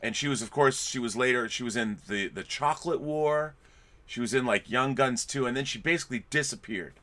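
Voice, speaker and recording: A man's voice: mid-range voice, a little fast, bright, forceful tone. A man hosting a movie chat, adding actor trivia and prompting his co-host with questions. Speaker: podcast host.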